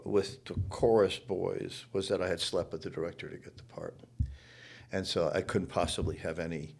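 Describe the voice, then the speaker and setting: A man with a low, husky voice telling stories. He is reflective and emphatic, moving between hushed asides and loud bursts. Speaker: interview guest. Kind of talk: reflective storytelling. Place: his home.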